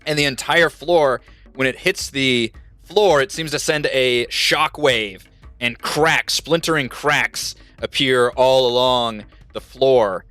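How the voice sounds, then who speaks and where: A man's voice: medium pitch, takes it slowly, bright, forceful tone, no room sound. A man narrating as the dungeon master of an online tabletop game, playful and laughing at his own slips. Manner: laughing, self-correcting, playful. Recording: dry mic with faint music.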